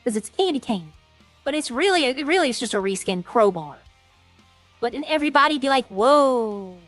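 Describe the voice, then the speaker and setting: A woman's voice: high-pitched, lively intonation, a little fast, a bit bright, no echo, soft background music. A woman streamer rambling in casual, self-deprecating chat with her viewers.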